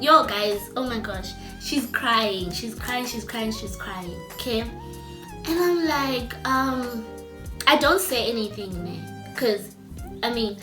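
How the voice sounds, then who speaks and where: A young woman telling a story to her viewers in a chatty, animated way. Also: on the high side. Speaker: vlogger. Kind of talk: casual storytime. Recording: echoey room with faint music.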